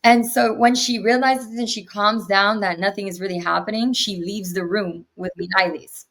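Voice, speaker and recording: A young woman in a sit-down interview, telling her own story with animation. She slips into the voices of the people she quotes. Her voice sits at a middle pitch. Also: moderate pace. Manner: animated retelling with acted quotes. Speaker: interview guest. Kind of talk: personal storytelling.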